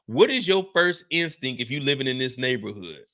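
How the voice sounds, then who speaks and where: Animated man riffing on a TV episode. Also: moderate pace, no echo, studio quality. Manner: animated, jokey riffing with wild pitch swings. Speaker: show host. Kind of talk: comedic TV after-show reaction.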